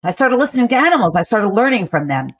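A woman's voice: mid-range voice, very animated, fast. A woman from the United States, a guest in an interview, telling her story at length in an earnest way with fillers.

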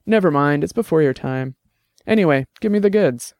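A man voicing a rapidly aging, gruff old former bruiser who talks bluntly and wryly. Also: on the high side, animated, a little mellow, dry recording, clean studio sound. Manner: blunt, salty, wry.

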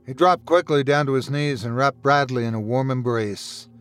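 A man hosting a podcast, narrating horror stories in a measured, expressive way. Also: medium pitch, clean tone. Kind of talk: dramatic horror story narration.

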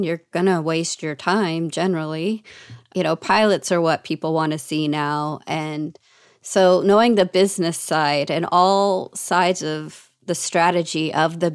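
A woman guest in an interview, telling her story in a lively way and acting out what others said. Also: fairly low pitch, smooth, no echo, studio quality. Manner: lively, acts out quoted dialogue. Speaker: guest television writer.

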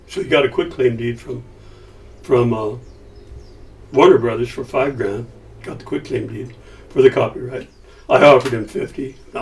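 A middle-aged man casually recounting a business story, acting out the quoted voices as he goes. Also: mid-range voice. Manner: animated, acts out quoted dialogue. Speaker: company founder telling a story. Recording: voice somewhat far from mic.

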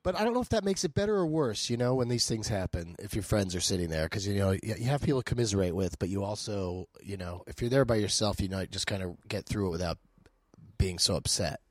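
A man's voice: fairly low pitch, lively intonation, fast talker, dry recording, clean studio sound. A man who is a comedian guest on a podcast, chatting in a laid-back way with wry asides and chuckles. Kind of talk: casual chat.

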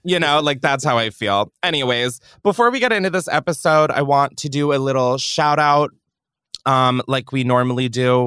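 A man's voice: medium pitch, a bit bright, clear, resonant tone, no room sound. A young man hosting a podcast in a studio, chatting casually in a rambling, crude, self-mocking way. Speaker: podcast host. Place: recording studio.

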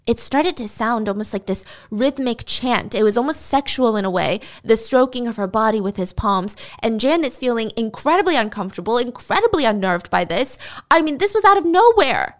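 A woman's voice: medium pitch, normal speed. Dramatic woman storyteller. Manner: dramatic, drops to whispers. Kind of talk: casual true-crime storytelling.

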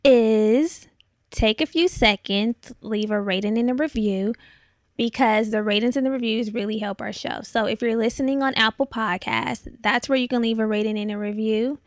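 Woman podcast cohost, kinda high voice, calm and encouraging, dry room. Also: moderate pace, dry recording. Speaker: podcast co-host. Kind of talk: casual chat and show promotion.

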